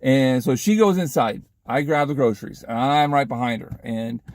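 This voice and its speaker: A man casually telling a funny anecdote in a vlog, lively and chatty, laughing at his own story. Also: medium pitch, normal speed, dry recording, studio quality.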